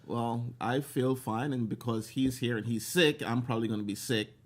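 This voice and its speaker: A man's voice: medium pitch, steady tone, moderate pace. A man hosting a casual chat show, talking in a dry, blunt and sarcastic way. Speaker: podcast host.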